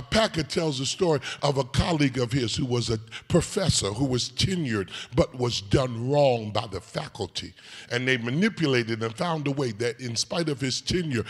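An older man preaching a sermon, moving between quiet storytelling and shouted, sung call-and-response. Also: medium pitch. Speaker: pastor. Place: large church sanctuary. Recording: long church-hall reverb.

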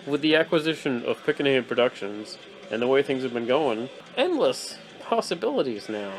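A young man hosting an absurdist comedy show, swinging from manic yelled bursts to mumbled asides. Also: medium pitch, big pitch swings, moderate pace, soft background music. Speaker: host.

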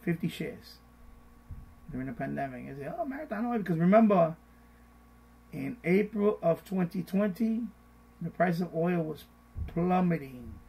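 A middle-aged man hosting a finance live stream, repeating his points in a casual, animated way and mimicking panicked voices. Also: on the high side, measured pace, vocal fry, pauses often, slightly rough, rough recording.

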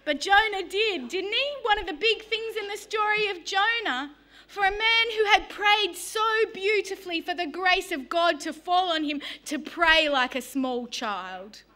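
An Australian woman preaching a sermon, telling stories in a lively, humorous way. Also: very high voice, a little slow. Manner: lively storytelling with humour.

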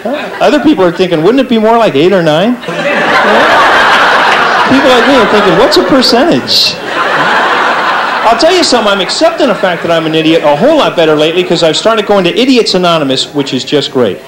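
High, lively stand-up comedian man. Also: fast talker, very noisy. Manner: lively, animated delivery with big pitch swings and acted-out voices. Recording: live stage set with audience laughter. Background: faint audience laughter.

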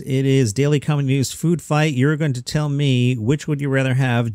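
A man's voice: medium pitch, darkish tone, no echo, clean studio sound. A middle-aged man hosting a comedy news podcast, chatty with jokey asides. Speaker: host.

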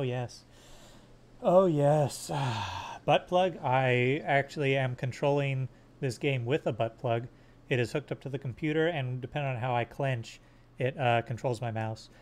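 A man streaming a game live, joking crudely and swearing as he plays. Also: mid-range voice. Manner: hums silly sound effects. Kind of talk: live gameplay commentary.

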